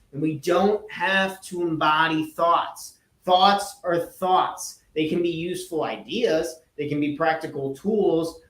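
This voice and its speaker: A man hosting a podcast, giving a casual motivational talk in an earnest, emphatic way and repeating his key phrases. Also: on the high side. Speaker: podcast host. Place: indoor room with a whiteboard. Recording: echoey room, voice from off-mic.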